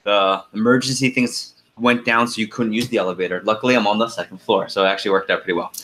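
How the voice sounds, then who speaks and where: A middle-aged man leading a team conference call, telling a lively story with laughs and then going through the agenda. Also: fairly low pitch, quick pace, a little hiss or hum.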